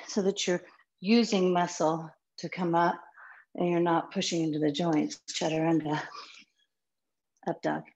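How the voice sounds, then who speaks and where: Calm slow-cueing yoga teacher woman. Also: on the low side, muffled recording. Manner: calm, sparse one-word cues, some soft whispered counts. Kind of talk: guided yoga class cues.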